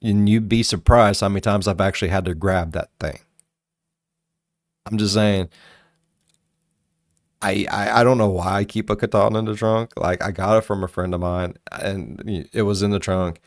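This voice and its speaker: A man hosting a reaction video, telling rambling, profane stories in a casual, animated way. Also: fairly low pitch, moderate pace, pauses often, dry recording, studio quality. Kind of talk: casual storytelling commentary.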